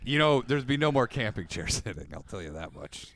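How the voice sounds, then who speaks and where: A man co-hosting a casual comedy podcast, spinning crude stories and jumping into loud acted quotes. His voice swoops up and down with lively pitch. The sound is close and dry. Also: fairly quick, dry recording. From rural farm upbringing. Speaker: podcast co-host.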